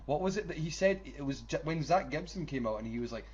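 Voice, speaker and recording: A man's voice: a little high, lively intonation, quick pace, darkish tone, breathy edge. A man, co-hosting a casual wrestling podcast, swearing and laughing as he mocks commentators. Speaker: podcast co-host. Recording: dull lo-fi audio with faint noise.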